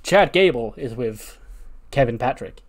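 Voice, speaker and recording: Casual guy narrating his wrestling sim run, swears a lot, mid pitch. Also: animated, a little slow. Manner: chatty, sweary, acts out scenes. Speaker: game video host. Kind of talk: casual playthrough commentary.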